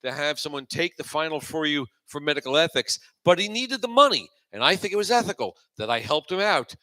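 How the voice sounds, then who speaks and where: A man in his forties fronting a live open-mic comedy night. His voice is bright and forward, set a little high for a man. He rambles loosely and lands dry, self-mocking punchlines. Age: 40s. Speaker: host and stand-up comedian.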